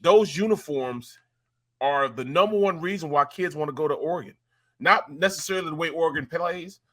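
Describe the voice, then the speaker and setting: A man's voice: on the high side, sharp tone. A man from St. Louis hosting casual sports talk, laid-back and rambling. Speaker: host.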